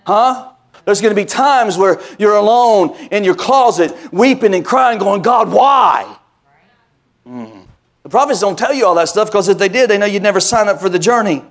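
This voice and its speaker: A man's voice: sits high, moderate pace. A male pastor preaching a sermon, telling folksy stories with call-and-response asides and building into emphatic, repetitive cadences.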